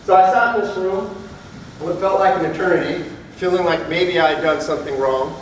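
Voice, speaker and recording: In a talk to an audience, a police officer with a high-pitched voice briskly and candidly tells his personal story, acting out those he quotes. Slight background noise and faint ambience accompany the echoey hall recording, made far from the mic.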